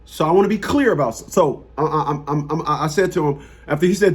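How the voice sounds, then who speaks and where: A man's voice: on the high side, quick pace, hardly any pauses, slightly rough. A man giving blunt, mocking commentary to his viewers as a family court consultant. He repeats himself and talks casually. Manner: blunt, mocking, repetitive, street talk.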